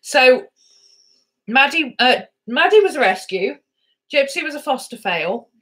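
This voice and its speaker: A woman's voice: high voice, sing-song, unhurried, fairly bright tone, husky. A woman chatting casually on a home vlog, fondly telling a story about her rescue dogs. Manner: chatty, fond, talks baby-talk to her dogs. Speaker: vlogger. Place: home, indoors.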